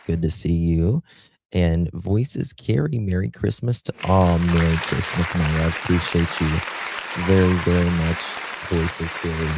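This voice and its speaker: Low gravelly man hosting a livestream. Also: a little slow, over loud music, a loud crowd. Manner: affectionate, thanks viewers with endearments. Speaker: livestream host. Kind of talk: casual livestream chat, reading viewer comments.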